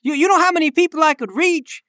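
A woman's voice: sits high, fast talker, fairly bright tone, no room sound, studio quality. A woman playing her character in a tabletop game with sassy, indignant ranting. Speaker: player.

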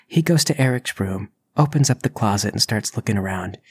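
Husky-voiced man narrating a tabletop game. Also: on the low side, lively intonation, brisk. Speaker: game master.

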